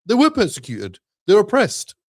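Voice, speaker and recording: A man's voice: high voice, huge pitch swings, brisk. A man co-hosts a live online show in a loose, conversational way. He rallies viewers and reels off sponsor plugs with growing enthusiasm. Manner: upbeat, rallying listeners, reading sponsor shout-outs. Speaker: co-host of an Islamic live stream. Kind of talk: casual live-stream chat.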